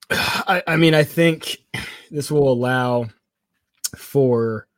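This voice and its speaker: A man co-hosts a sports technology podcast, speaking very slowly at a medium pitch in a casual chat. He talks at length, rambling, restarting and correcting himself, and tosses in a playful aside. The audio is studio quality with no room sound.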